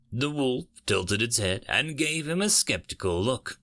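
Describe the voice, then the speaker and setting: Lively, expressive male storyteller. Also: fairly low pitch, a little slow, few pauses. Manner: expressive, varied delivery. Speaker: narrator, channel host. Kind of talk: scripted story narration.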